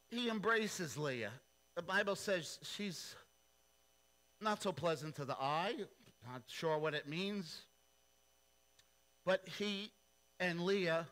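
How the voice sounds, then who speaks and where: Animated, bright-voiced male pastor. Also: fairly high pitch, rough recording. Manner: animated, playful, slangy storytelling. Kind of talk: sermon with acted-out storytelling.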